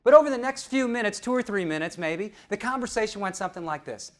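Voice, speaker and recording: A middle-aged man from St. Louis, a professional speaker telling a story on stage, animated and playful, quizzing the audience. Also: high voice, fast talker. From St. Louis, USA. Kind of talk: storytelling keynote speech.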